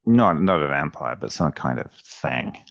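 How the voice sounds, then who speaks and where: A man co-hosting a podcast as a first-time viewer, answering in hesitant, halting bursts. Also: rumbling low, expressive, gravelly, heavy background noise. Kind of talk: casual chat. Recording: dull, muffled sound.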